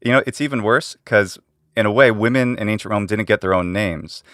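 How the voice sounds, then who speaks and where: A man's voice: fairly low pitch, brisk, a bit bright, dry recording, studio quality. A man acting as linguist quiz guest, patiently explaining names and running a game. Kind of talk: explaining, quizzing.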